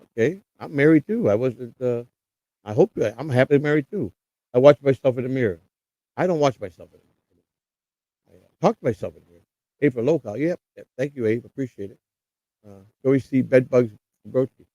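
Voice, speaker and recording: A man's voice: medium pitch, a little mellow, no room sound. A man hosting a live stream, reading viewers' comments aloud and answering them in a rambling, blunt way, with some swearing. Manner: blunt street-tough talk with swearing. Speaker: livestream host. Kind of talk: casual live chat reading.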